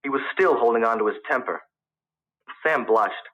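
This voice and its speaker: A man's voice: medium pitch, lively intonation, normal speed, pauses often, fairly bright tone, poor audio. A man narrating a story in the first person, in a plain storytelling manner. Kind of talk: audiobook narration.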